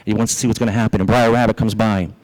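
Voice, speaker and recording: A male pastor with a Southern US accent preaching a sermon, telling a story in an animated way and speaking directly to the congregation. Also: on the low side, racing, low-quality recording.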